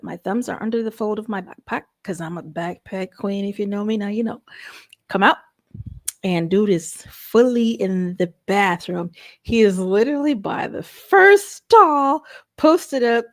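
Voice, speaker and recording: A middle-aged woman from the Chicago area, hosting and telling a personal story in a conversational way, jumping from loud exclamations to hushed asides. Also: mid-range voice, vocal fry, dry recording, clean studio sound. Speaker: host.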